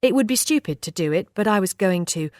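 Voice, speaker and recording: A woman narrating a novel in the first person with lively, expressive storytelling. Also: mid-range voice, quick pace, no room sound, clean studio sound. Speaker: audiobook narrator.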